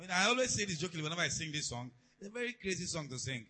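A man preaching a sermon to a church, calling out questions and leading the congregation in shouted declarations. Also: a little high, wildly swooping pitch, rapid-fire, few pauses, slightly rough, poor audio. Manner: call-and-response, building to shouted declarations.

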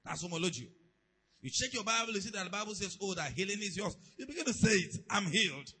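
Raspy bright-voiced preacher man. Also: high-pitched, expressive, fast, low-quality recording. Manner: call-and-response, building to shouted declarations. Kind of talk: sermon. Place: church.

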